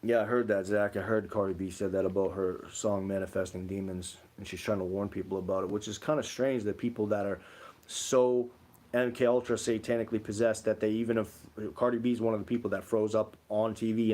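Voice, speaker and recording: With a fairly low, slightly mellow voice, this young livestream co-host chats casually, reads out comments, and wanders through stories filled with "like."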